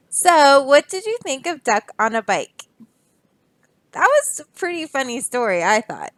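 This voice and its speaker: Expressive woman teacher reading aloud. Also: high-pitched, measured pace, no echo. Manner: expressive, storyteller with asides to children. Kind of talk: picture-book read-aloud for children.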